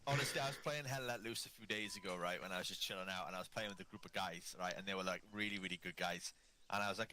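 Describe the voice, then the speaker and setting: Gaming clan leader, quick chatty storyteller, crisp bright tone, faint hiss behind. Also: male voice, low voice. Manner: chatty storyteller, acts out quotes. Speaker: milsim unit leader. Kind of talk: casual voice chat.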